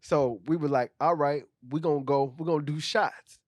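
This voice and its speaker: A man co-hosting a podcast, telling a story in casual, animated chat, laughing often and swearing freely. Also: a little high, normal speed, dry recording, clean studio sound. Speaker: podcast co-host.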